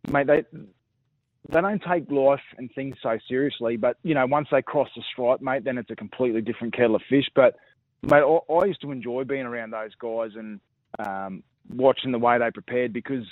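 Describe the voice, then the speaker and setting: A former player with an Australian accent calls into a casual radio chat over a tinny phone line, with no room sound. His mid-range voice is a little fast as he tells footy stories in a blokey, laughing way, calling everyone mate.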